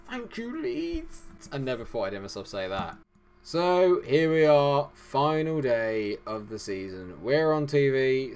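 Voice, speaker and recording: A man giving excited, hoarse commentary on his football management game, swinging from glum muttering to shouted outbursts. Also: fairly low pitch. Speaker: gaming YouTuber.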